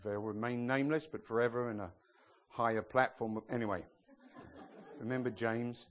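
A man's voice: medium pitch, fairly even intonation, moderate pace. A man preaching a sermon as pastor of a church, in a humorous, emphatic style. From outside the US.

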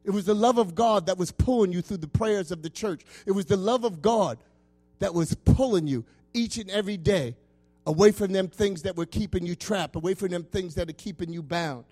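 A man preaching a sermon with passion, swinging from loud calls to soft asides. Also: high voice, fairly quick, faint music behind.

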